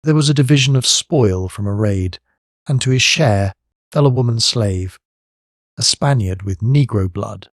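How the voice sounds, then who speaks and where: A wry, devoted young pirate lieutenant tells a shipmate's story with knowing amusement, as a man reads him aloud. The voice sits low and dry, close to the mic, like a storybook read at the table. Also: a little slow, no room sound.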